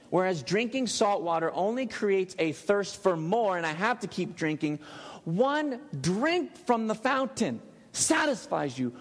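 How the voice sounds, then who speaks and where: A male pastor preaching a sermon in a church, emphatic and dropping to a hush on key words. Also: on the high side, husky. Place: church sanctuary. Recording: long hall reverb.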